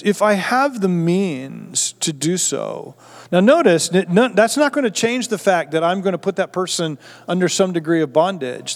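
A man preaching a conversational sermon as pastor, often repeating words as he restarts a thought. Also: a little high.

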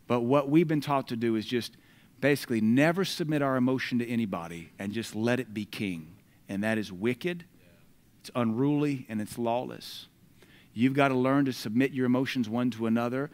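A preacher with an American accent and a middle-pitched voice moves briskly through his sermon. Scripture gets loud, emphatic bursts, while the moments between readings are filled with relaxed, conversational asides to the congregation.

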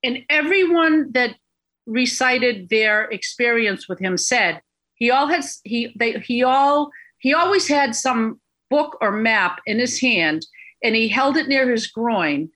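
A woman's voice: on the high side, fairly bright tone. A middle-aged woman, telling a court story as a guest in a chatty, digressive way. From Boston. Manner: chatty, digressive, laughs at the absurdity. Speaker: guest recounting a court case. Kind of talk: casual storytelling interview.

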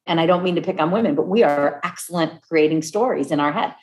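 A woman in her fifties talking casually and warmly about marriage, acting out other people's voices as she tells stories. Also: low voice, a little fast, hardly any pauses. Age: 50s. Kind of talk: casual heartfelt conversation. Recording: echoey room.

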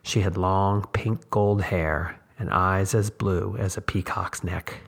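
Low husky guy reading a story out on his podcast, calm and measured. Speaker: podcast host and story narrator. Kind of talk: scripted story narration.

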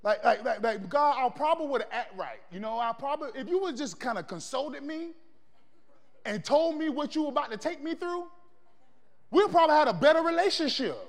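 A man with a very high voice preaches a sermon, calling out to the congregation and asking them for answers. His delivery swings from shouting to hushed, and a long reverb hangs behind every word. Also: expressive, normal speed.

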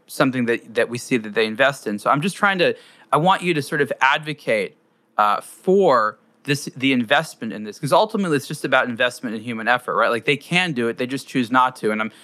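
A man hosting a conversation, his voice bright and smooth. He builds his question in a measured, articulate way, and the recording is dry and close. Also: medium pitch, no echo. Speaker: host, interviewer. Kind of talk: conversational interview.

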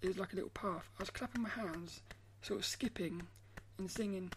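Woman vlogger, mid-pitched and gentle, drifting into a breathy half-whisper, meandering and repeating herself, with a faint hiss behind. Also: brisk. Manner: rambling, repeats and restarts phrases. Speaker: artist vlogger. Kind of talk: casual talk to camera.

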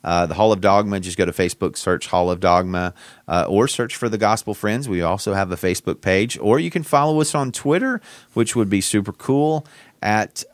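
A man's voice: lowish voice, normal speed, dry recording. A man co-hosting a casual church podcast, chatting easily and chiming in with short agreements. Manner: easygoing, brief agreeing interjections. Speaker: podcast host.

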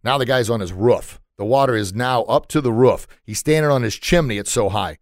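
Earnest, energetic male podcast host. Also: medium pitch, fairly quick, no echo, studio quality. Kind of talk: motivational podcast monologue.

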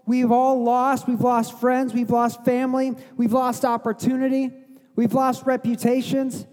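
Middle-aged male pastor, high voice, casual storytelling sermon in a reverberant sanctuary. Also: flat delivery, unhurried, darkish tone. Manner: conversational preaching, acts out voices of the crowd. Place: church sanctuary.

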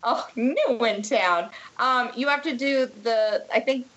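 A woman guest on a podcast who talks at an unhurried pace in a slightly raised voice. She gushes and giggles in casual chat, filling her sentences with likes. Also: on the high side, fairly bright tone, muffled recording. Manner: giggly, gushing, says like a lot.

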